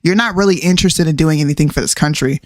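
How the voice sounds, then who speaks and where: A woman's voice: sits low, fast talker, darkish tone, no room sound, clean studio sound. A woman co-hosting a casual political talk show, giving her opinions emphatically. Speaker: show co-host.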